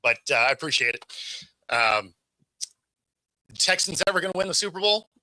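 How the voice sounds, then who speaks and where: Co-host, male, very bright and sharp tone, stammering restarts, dry close sound. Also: on the high side, expressive, no room sound, low-quality recording. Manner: quick agreeing, stammered restarts. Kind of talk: casual sports talk.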